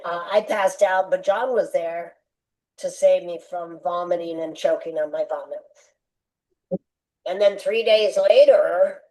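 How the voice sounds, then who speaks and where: A woman's voice: mid-range voice, a little mellow, rough recording. An older woman, a guest on a podcast interview, telling a personal story with animation and acting out quoted lines.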